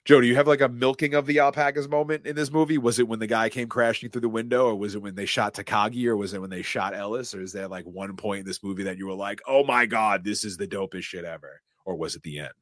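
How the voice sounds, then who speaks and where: A podcast host with a very deep voice talks through a film with excited, casual energy. The sound is dry and close. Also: male voice, fast talker, hardly any pauses, no room sound. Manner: excited storytelling, retelling scenes. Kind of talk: casual film recap chat.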